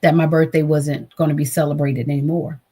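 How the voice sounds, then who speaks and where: A woman's voice: deep voice, little pitch movement, fairly quick, warm tone, breathy edge. A woman guest, a trauma advocate, telling an emotional personal story in an earnest way. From United States. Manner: earnest, acts out quoted voices.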